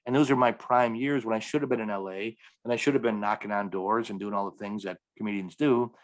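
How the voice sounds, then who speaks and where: Middle-aged comedian guy, lowish voice, rattles off a story quick, acting out all the voices. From Milwaukee area, US. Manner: animated storyteller, acting out quoted dialogue. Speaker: stand-up comedian guest. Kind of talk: storytelling in a podcast interview.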